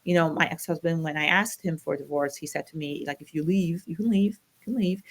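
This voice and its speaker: Deep-voiced and brisk, this middle-aged woman from the United States recounts her own story in an interview. She's animated, performing the voices of the people she quotes.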